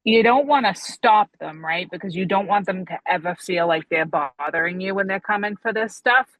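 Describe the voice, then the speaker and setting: A woman's voice: medium pitch, normal speed, fairly bright tone, no echo, poor audio. A woman co-hosting a podcast in casual chat, talking frankly about parenting and dropping dry, wry asides. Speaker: podcast co-host.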